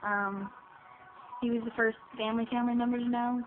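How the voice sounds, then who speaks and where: A woman's voice: on the high side, flat delivery, brisk. Teenage girl, hesitant, tinny lo-fi. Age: teens. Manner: hesitant, many ums and restarts. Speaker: vlogger. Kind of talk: personal vlog talking to camera. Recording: tinny lo-fi sound with hiss.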